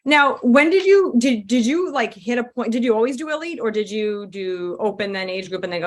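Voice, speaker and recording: A woman hosts a casual podcast interview. She is enthusiastic and encouraging, often backing up her guest with quick "mm-hmm"s, then asking her questions in an eager rush. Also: fairly high pitch, lively intonation. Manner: enthusiastic, many affirming "mm-hmm"s. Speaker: podcast host.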